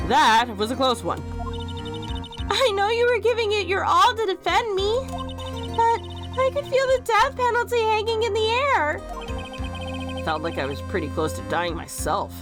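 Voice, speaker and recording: A woman's voice: very high voice, sing-song, unhurried, pauses often, voice pushed up, full character voice. A woman voicing a cheerful young woman medium, chatty and dramatic, over game music.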